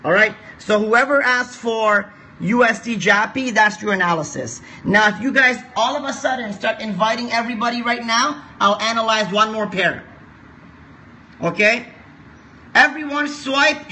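A man's voice: sits high, normal speed, sharp tone. A man streaming live forex chart analysis, coaxing viewers to share and repeating his points.

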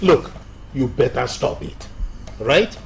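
An actor with a Nigerian accent playing a council elder who questions slowly and sternly. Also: male voice, medium pitch, animated, gravelly, background noise. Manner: slow, drawn-out questioning.

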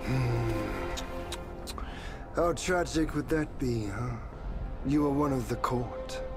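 A man's voice: medium pitch, slow pace, natural voice. An actor playing a proud celestial male general in a video game, speaking in a formal, composed and lofty manner. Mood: lofty calm. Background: game music.

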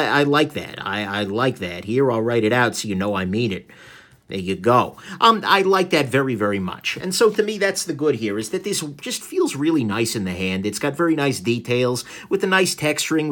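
A man's voice: mid-range voice, fairly bright tone. A man giving a casual product review, enthusiastic and rambling, full of fillers, restarts and wry asides. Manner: wry self-deprecating asides.

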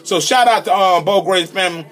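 A man, hosting a casual live radio show and shouting out his hype intros. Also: high voice, fairly quick. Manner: hyped, shouting call-outs and shout-outs. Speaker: radio host.

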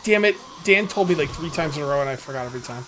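A man chatting rapidly during a multiplayer game, his voice sitting a little high. He's excitable, cheers his teammates on and jokes around, with a faint hiss of noise under the audio. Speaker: gaming channel host. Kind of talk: casual multiplayer gameplay chat.

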